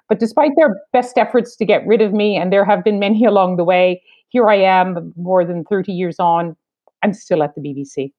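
A woman in her fifties from eastern Canada, a foreign correspondent with a Canadian accent, speaking in a measured, wry, reflective way in an interview. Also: lowish voice, warm tone. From New Brunswick, Canada. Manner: measured, wry, deliberate phrasing. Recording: slightly dull lo-fi sound.

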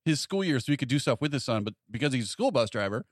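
Fast-talking man telling a story. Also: medium pitch, dry recording, studio quality. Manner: animated storyteller acting out quoted voices. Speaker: podcast co-host. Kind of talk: casual chat.

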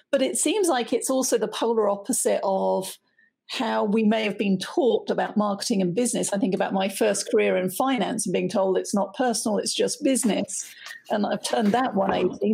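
A woman's voice: mid-range voice, gravelly, a little mellow, slightly rough. A woman hosting an interview, asking questions with eager enthusiasm. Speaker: podcast host and author.

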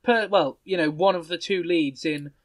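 A man's voice: on the high side, normal speed. A man co-hosting a podcast, chatting casually about films and laughing between remarks. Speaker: podcast co-host. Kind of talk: casual film chat.

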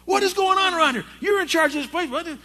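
A man's voice: sing-song, quick pace, slightly rough, full character voice. A man voicing a blustering, self-important male district manager who barks orders in a raised, bossy voice. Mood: yelling. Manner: yelling, high and bossy. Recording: long hall reverb.

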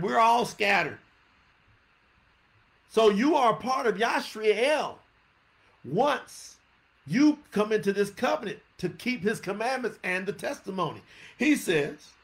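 A man's voice: sits high, fairly bright tone. A man preaching a sermon, talking straight to his listeners with many questions and casual slang.

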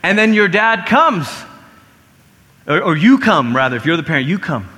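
Bright-voiced man preaching in a reverberant hall. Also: normal speed. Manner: animated, acts out quoted voices with big pitch swings. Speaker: pastor. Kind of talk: sermon. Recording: long reverb of a large hall.

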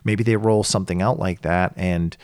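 Animated man in casual chat, dry sound. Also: low-pitched, normal speed, clean tone, no room sound. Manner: animated, acts out quoted voices.

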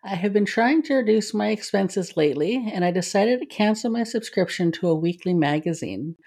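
A woman's voice: mid-range voice, expressive, a little fast, darkish tone. A woman co-hosting a podcast, chatting casually, laughing easily and reading stories aloud. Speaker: podcast co-host. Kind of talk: casual chat and story reading.

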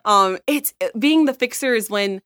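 A woman in her thirties from the United States, a podcast guest telling a work story in casual chat, blunt and lively, laughing often. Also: a little high, measured pace, no echo. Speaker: podcast guest, account manager.

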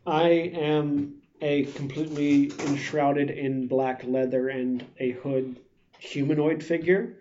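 A man's voice: a little high, fairly even intonation, slow pace, mellow, slight background noise. A man describing his character in casual, joking chat at a tabletop game. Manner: jokey, laughs often. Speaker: player. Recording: dull lo-fi recording.

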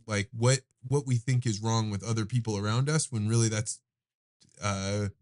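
A man's voice: lowish voice, normal speed, a little mellow. A man hosting a podcast who talks casually and thoughtfully, building his points through acted-out quotes. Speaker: podcast host. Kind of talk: casual conversation.

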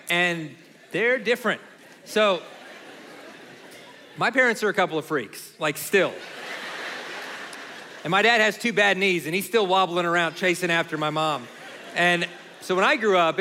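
A man in his forties, co-hosting and telling comic stories in an animated, laughing way. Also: high voice, long reverb tail, a little hiss or hum. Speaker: co-host. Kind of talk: comic storytelling in conversation.

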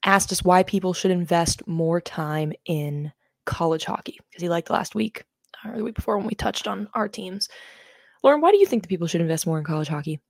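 A young woman with a somewhat low voice chats casually as a podcast co-host. She rambles, fills gaps with "um" and swears offhandedly. The sound is dry, with no room echo. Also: brisk, vocal fry. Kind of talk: casual chat.

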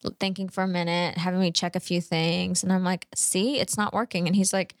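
A woman's voice: lowish voice, little pitch movement, fairly quick, dry recording, studio quality. A woman co-hosting a podcast, chatting casually and rambling through a story with many fillers and restarts. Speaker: podcast co-host. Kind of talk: casual chat.

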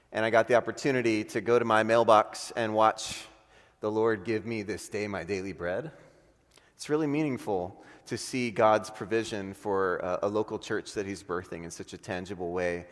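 A man from the western United States, a guest pastor, thanking a church and then reading scripture slowly and earnestly. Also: on the low side. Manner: grateful, earnest, reads scripture slowly and deliberately. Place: church sanctuary. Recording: long church hall reverb.

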